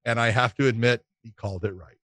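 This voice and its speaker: A middle-aged man co-hosting a podcast, telling a long, animated anecdote with frequent laughter and swearing. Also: medium pitch, fast, dry recording. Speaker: podcast co-host.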